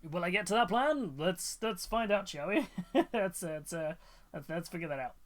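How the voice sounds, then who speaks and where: His high, expressive voice is a bit bright and moves at a moderate pace. As a livestream host, he reacts casually and eagerly to painted miniatures from viewers, wandering through his thoughts with fillers and false starts.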